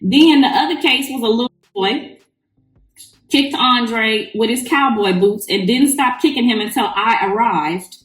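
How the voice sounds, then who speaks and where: A woman's voice: a little high, measured pace, far from the mic. Blunt, profane woman ranting in an echoey bathroom. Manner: blunt, profane, heated storytelling. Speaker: livestreamer. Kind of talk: live-stream rant to followers. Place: bathroom, in the tub. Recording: echoey bathroom, away from the mic.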